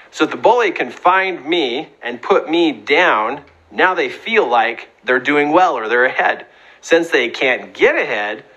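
Lively, bright-voiced man giving advice. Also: on the high side, lo-fi sound. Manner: earnest, emphatic, acts out quoted voices. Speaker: speaker giving advice on bullying. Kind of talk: motivational talk.

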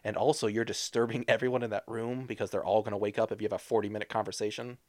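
A man's voice: fairly low pitch, little pitch movement, rapid-fire, a little mellow, dry recording. A man co-hosting a podcast, ranting in a sardonic, complaining way about a movie scene. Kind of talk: casual movie discussion.

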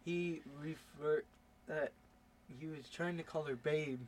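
A man's voice: fairly high pitch, steady tone, takes it slowly. A teenage boy in casual chat, often chiming in and cutting across with short remarks.

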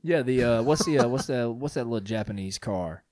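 A man's voice: mid-range voice, expressive, brisk, darkish tone, dry recording, clean studio sound. A man co-hosting a casual podcast chat, joking and rambling through stories. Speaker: podcast co-host.

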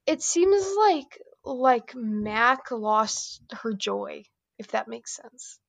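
A woman's voice: on the high side, big pitch swings, very slow, gravelly, no echo. A woman guesting on a podcast, chatting casually in a meandering, hesitant way full of "like". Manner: meandering, hesitant, heavy use of "like". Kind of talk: casual chat.

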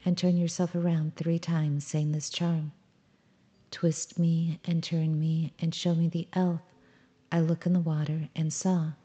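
Hoarse wise old lady owl, a woman doing her, hushed and knowing, low dark voice, storybook. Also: flat delivery, unhurried.

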